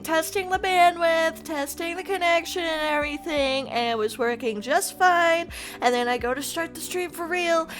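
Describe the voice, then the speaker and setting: A woman's voice: high-pitched, fairly bright tone. A woman streamer chatting live to her viewers, anxious and close to tears, rambling and laughing nervously. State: on the verge of tears. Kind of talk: casual live-stream chat.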